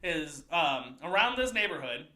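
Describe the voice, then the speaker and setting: A young man from the American Midwest, co-hosting a podcast and telling profane, animated stories in which he acts out the people he met. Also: a little high, measured pace, echoey room. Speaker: podcast co-host. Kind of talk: casual comedic storytelling.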